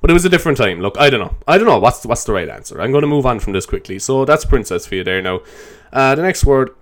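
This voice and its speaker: A man's voice: medium pitch, animated, fast talker. A young man hosting a solo podcast, rambling loosely, swearing and laughing as he talks. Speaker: podcast host. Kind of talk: solo improvised podcast chat.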